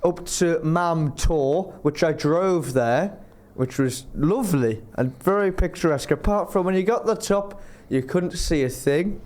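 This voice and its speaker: A man's voice: on the high side, unhurried, a little mellow. A man telling casual stories as a podcast guest, rambling and self-interrupting and laughing as he talks. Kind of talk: casual storytelling.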